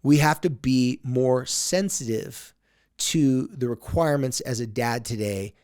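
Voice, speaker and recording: A man's voice: medium pitch, unhurried, a little mellow, clear, resonant tone, no room sound, clean studio sound. A man in his thirties hosting a podcast, earnestly telling a family story and acting out the dialogue. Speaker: podcast host. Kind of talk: casual podcast monologue.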